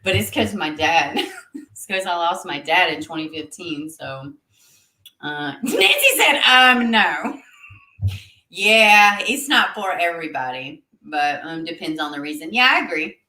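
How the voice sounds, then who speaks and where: A woman's voice: sits low, big pitch swings, a little slow, sharp tone. Chatty woman streamer, echoey. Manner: chatty, laughs often, talks to viewers. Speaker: livestream host reading chat. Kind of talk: casual livestream chat.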